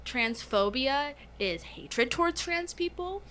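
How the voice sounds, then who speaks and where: Firm young woman, bright voice. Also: high-pitched, animated, takes it slowly, a little hiss or hum. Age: young adult. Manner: firm, insistent, repeats definitions. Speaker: debater in a filmed discussion. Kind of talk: debate answers.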